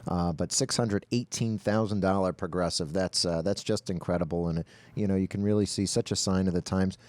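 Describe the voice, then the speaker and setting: A man's voice: deep voice, steady tone, fairly quick, darkish tone, no echo. A man co-hosting a casual show, reading viewer letters aloud and chatting in an easygoing way with fillers. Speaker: show co-host.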